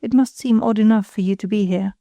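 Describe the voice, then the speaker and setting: A woman's voice: mid-range voice, steady tone, a little fast, mellow, dry recording, clean studio sound, lightly acted. A woman reading the part of a young man, a blunt and scornful brother.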